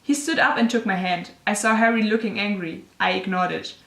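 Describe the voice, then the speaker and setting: A woman's voice: mid-range voice, steady tone, a little fast, creaky, a bit bright. A young woman reading her old fanfiction aloud with gushing, self-mocking commentary. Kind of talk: dramatic reading with casual commentary. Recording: echoey room.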